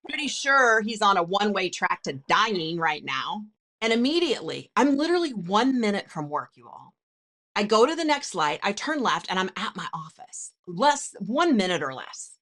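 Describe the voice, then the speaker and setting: Woman, podcast host, counselor, motivational self-help talk, earnest, direct, animated pitch. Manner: earnest, direct, addresses listener.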